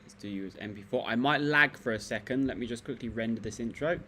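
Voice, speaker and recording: Talking fast in a bright, forceful medium-pitched voice, a man hosts a relaxed livestream, chatting casually with viewers as he works at his computer. His laptop microphone picks up slight background noise.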